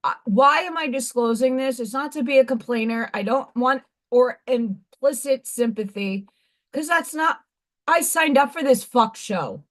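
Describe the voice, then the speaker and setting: Hoarse, high-voiced woman venting bluntly. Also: a little slow. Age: 40s. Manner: blunt, profane, exasperated venting. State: hoarse, voice partly gone. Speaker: livestream host. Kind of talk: casual venting livestream chat.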